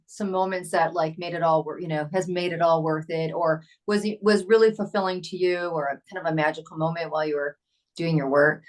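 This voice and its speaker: Woman podcast host, supportive, winding questions. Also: fairly low pitch. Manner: encouraging, long rambling questions. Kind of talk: casual interview.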